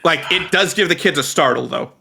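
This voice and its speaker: Male game master, loose and hesitant, slightly high voice with fry. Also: a little fast, pushed and bright. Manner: hesitant, filler-heavy. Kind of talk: casual game narration.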